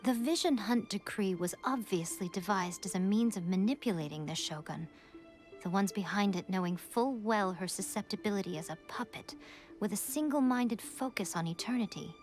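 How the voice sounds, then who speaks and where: A composed, teasing shrine priestess from a fantasy game, voiced by a woman. She talks in a smooth, unhurried way, as if always a step ahead. Soft music plays under her lines. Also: medium pitch, close to an everyday voice. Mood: scheming. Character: sly poised fox-like shrine priestess woman.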